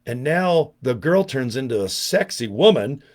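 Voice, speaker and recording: Older male vlogger, 60s, loose digressive delivery with wisecracks and asides, average pitch. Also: very animated, measured pace. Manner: joking, digressive, self-mocking asides. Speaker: online business vlogger. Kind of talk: rambling casual monologue to camera.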